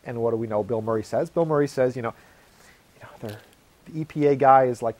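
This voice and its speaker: A man's voice: mid-range voice, quick pace, a little mellow. A man hosting his own show, talking in a casual, rambling, self-deprecating way and acting out what people say. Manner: acts out quoted voices. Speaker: host.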